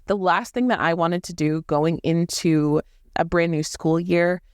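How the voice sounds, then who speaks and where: A woman in her thirties talks through her own teaching experience with lively emphasis and playful asides. Her voice sits a little low for a woman. The recording is dry and close, with almost no room sound. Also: unhurried, clear, resonant tone, dry recording. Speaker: podcast host and teacher. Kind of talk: casual solo podcast talk.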